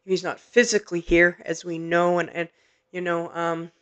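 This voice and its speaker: A gentle, earnest woman hosting a live psychic reading. She reassures her listeners softly and hesitates often with ums and restarts. Her voice carries quiet emotion. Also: on the low side, little pitch movement, normal speed, clean tone. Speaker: psychic medium host. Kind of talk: live-streamed spirit reading.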